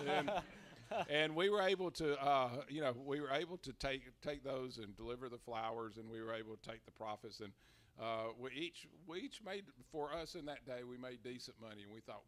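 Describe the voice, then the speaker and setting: Older man, drawl, mid-pitched voice, folksy storytelling with ums and uhs. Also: normal speed, a bit bright. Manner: folksy anecdotes with many fillers and restarts. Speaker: interview guest, city mayor. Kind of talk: relaxed storytelling at a live talk.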